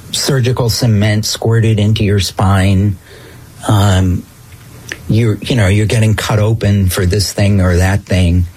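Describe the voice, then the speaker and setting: A man speaking as an interview guest, reflective and halting, with many fillers. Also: on the low side, darkish tone, breathy edge, poor audio. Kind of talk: conversational interview.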